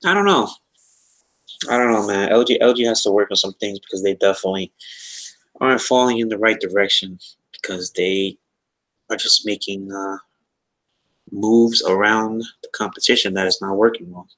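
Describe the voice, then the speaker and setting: A man's voice: on the low side, normal speed, pauses often, fairly bright tone, poor audio. A man talking casually about phones in a round-table chat, rambling with many fillers and restarts. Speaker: podcast host.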